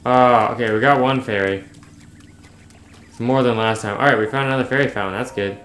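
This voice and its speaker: A man's voice: medium pitch, fairly even intonation, fairly quick, a bit bright, echoey room, a little hiss or hum. A man giving casual let's-play commentary, reading game text aloud between chatty remarks. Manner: reads on-screen text aloud, chatty asides. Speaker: gaming YouTuber.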